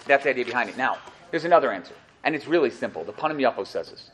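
A medium-pitched man races through a Torah class, telling stories with energy. He acts out the voices of the people in them and jokes with his listeners.

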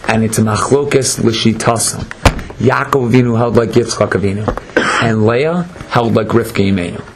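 A man giving an animated Torah lecture, dramatic and acting out the voices of the people in his story. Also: normal speed, background noise. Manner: dramatic, acts out voices, swings between high and low. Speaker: Torah teacher.

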